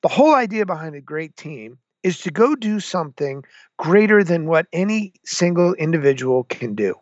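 A man tells stories as an interview guest, animated and quick to act out what others said. His voice sits a little high. The recording is dull, lo-fi and dry. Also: no room sound. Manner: animated storyteller, acts out quotes. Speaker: guest, former Navy commander. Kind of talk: interview storytelling. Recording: dull lo-fi sound.

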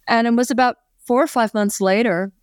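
A woman's voice: a little high, steady tone, a little fast, dry recording, studio quality. A middle-aged woman, a podcast guest, earnestly telling a personal story with lots of "you know" fillers.

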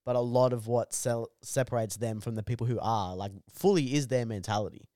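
Male co-host, blunt teaser, clear smooth tone, dry close sound. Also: medium pitch, brisk, mellow, no echo. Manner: teasing, blunt, heavy swearing. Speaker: podcast co-host. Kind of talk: casual banter.

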